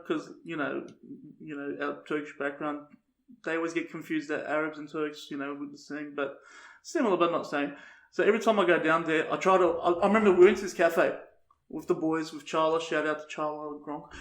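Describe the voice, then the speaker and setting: Casting: young Aussie podcast co-host, high voice, deadpan crude storyteller, echoey room. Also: male voice. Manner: tells absurd tall tales with a straight face, swears a lot. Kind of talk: crude comedic banter. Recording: roomy echo.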